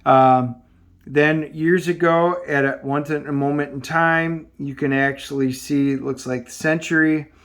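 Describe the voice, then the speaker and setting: A man reviewing a comic book in a casual style. He recaps the story and reads the dialogue from the panels aloud in a loose, halting way. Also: fairly high pitch, fairly even intonation, a bit bright.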